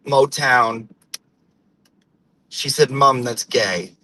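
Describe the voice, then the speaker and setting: A man's voice: medium pitch, bright, forceful tone, poor audio. Auntie Deb: a man playing a chatty mom. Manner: rambling, gossipy, drawn-out. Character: chatty middle-aged Portuguese-American mom on her morning drive. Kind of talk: comedic character monologue.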